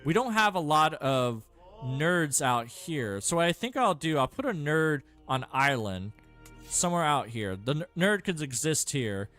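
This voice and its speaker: A man talks through his strategy game in a loose, rambling way, full of fillers and self-mocking asides. His pitch jumps around a lot, and faint music plays underneath. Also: big pitch swings, measured pace, fairly bright tone. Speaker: gameplay streamer. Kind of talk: casual gameplay commentary.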